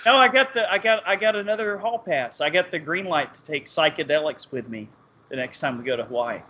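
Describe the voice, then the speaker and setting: A man hosting a podcast, chatting casually with energetic, profane banter and frequent laughs. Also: on the high side, brisk, a little hiss or hum. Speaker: podcast host. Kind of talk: casual chat. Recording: dull lo-fi sound.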